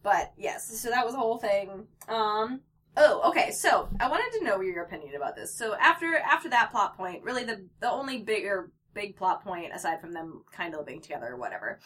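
A woman co-hosting a casual chat, talking in an animated way, swearing freely and laughing often. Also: medium pitch, brisk.

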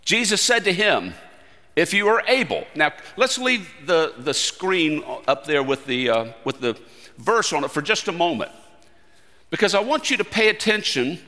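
A man preaches a sermon emphatically, his voice ringing with big-room sound. He swings between loud, stressed phrases and quiet, low asides.

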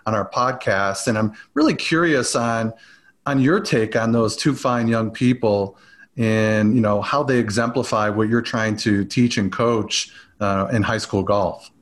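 A man hosting a podcast interview, complimentary and a little halting as he frames questions. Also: on the low side. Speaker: podcast host.

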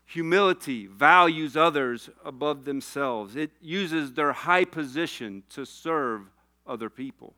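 A male preacher with a bright, ringing voice, clear and resonant as he tells a story from the pulpit. His delivery builds from easy storytelling into fervent, passionate exhortation. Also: a little high, animated, unhurried. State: tearful. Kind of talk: sermon with personal story.

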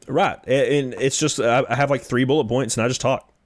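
A young man telling stories in casual chat, rambling and animated with lots of fillers. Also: mid-range voice, a little fast.

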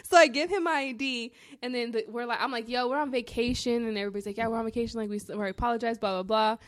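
A woman co-hosting a podcast, telling a story in a casual, profane, animated way. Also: fairly high pitch, dry recording. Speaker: podcast co-host.

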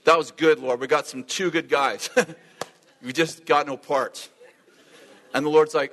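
A man preaching a sermon as a lively storyteller who acts out the dialogue and laughs often. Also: mid-range voice, unhurried. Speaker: pastor. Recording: long hall reverb.

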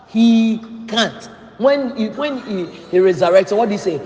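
A man's voice: sits high, measured pace, warm tone. A man preaching a sermon in a church hall, emphatic and repeating key phrases for stress. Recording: echoey hall with long reverb.

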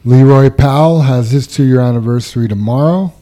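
A man hosting a casual workplace podcast, reading out anniversaries and birthdays and telling stories in a relaxed way. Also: medium pitch, moderate pace. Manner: relaxed, reads out announcements. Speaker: podcast host.

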